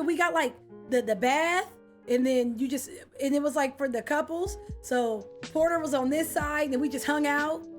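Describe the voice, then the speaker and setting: High-voiced streamer woman chatting animatedly. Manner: animated, slangy, talks to chat by name. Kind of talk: casual chat with viewers. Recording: faint music behind.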